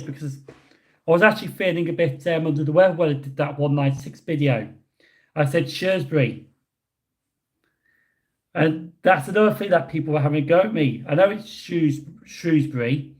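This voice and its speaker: A British man casually chatting with his livestream audience and answering chat questions, rambling with many pauses. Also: a little high, a little mellow. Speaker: livestream host reading chat. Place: indoors, hotel room.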